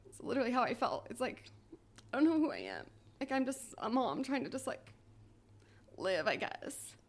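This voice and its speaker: A young woman on a podcast telling a painful personal story in a quiet, halting way, full of "like"s and sometimes near tears. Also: a little high, huge pitch swings. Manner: quiet, halting, tearful at times, many "like"s. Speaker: podcast guest.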